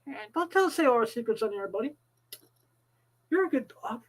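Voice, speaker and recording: A woman's voice: on the high side, lively intonation, moderate pace, slightly rough, poor audio. A woman co-hosting a casual live talk show, chatty, restarting sentences, swearing freely.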